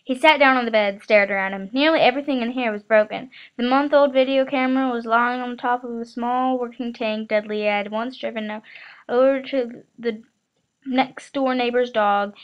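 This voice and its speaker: A woman reading a novel aloud in a halting way, often stumbling and restarting words. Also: on the high side, fairly even intonation, smooth, dull audio. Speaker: reader.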